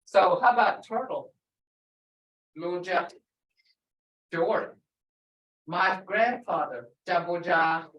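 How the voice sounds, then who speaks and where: A middle-aged woman teaching a live language lesson, repeating words slowly and patiently for her learners. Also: fairly low pitch, lively intonation, muffled recording. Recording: echoey room, far from the mic.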